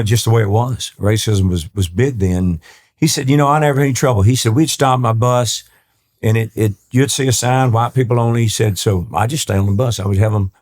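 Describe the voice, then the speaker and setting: A man's voice: mid-range voice, darkish tone. A man from East Texas, a country singer and guest, telling long rambling anecdotes with many restarts and acting out the people he quotes. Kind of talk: storytelling interview talk.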